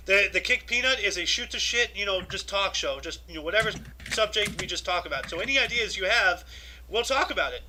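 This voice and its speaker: A man's voice: high-pitched, animated, a little fast, background noise. A man with a Californian accent hosting a casual podcast, rambling through history dates with lots of fillers and offhand asides. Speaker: podcast host.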